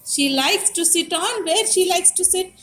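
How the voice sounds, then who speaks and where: A woman's voice: very high voice, unhurried, a bit bright. A preschool teacher, teaching small children in a sing-song, coaxing way and repeating her questions. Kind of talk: classroom teaching to young children. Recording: echoey classroom, faint noise.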